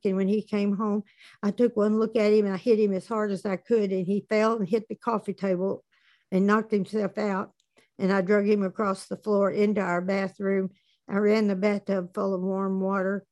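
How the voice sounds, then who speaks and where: A woman giving a personal testimony at a recovery meeting, telling her story plainly with dark humor. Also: medium pitch.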